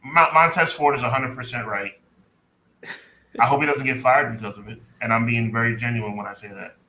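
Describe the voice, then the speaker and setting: A man's voice: medium pitch, steady tone, a little fast, sharp tone, low-quality recording. A man co-hosting a casual wrestling podcast, making blunt, sardonic remarks. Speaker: podcast co-host.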